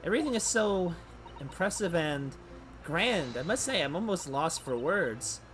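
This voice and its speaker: A man's voice: a little high, expressive, unhurried, fairly bright tone, faint music behind. A man reading a flustered young law student. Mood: earnest. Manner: flustered, hesitant. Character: nervous young Japanese male law student.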